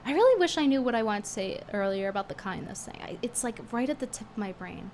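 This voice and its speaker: Sarcastic and animated, a female streamer offers casual commentary and flares up with indignation, her voice getting a bit hoarse. Her pitch is fairly high, her tone darkish, and she speaks fast with animation, over slight background noise.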